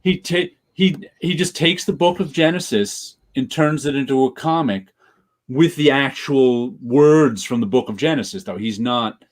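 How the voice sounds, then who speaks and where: A man's voice: mid-range voice, a little slow. A man co-hosting a podcast, chatting casually about comics in a rambling way, often repeating phrases to hear how they sound. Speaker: podcast co-host.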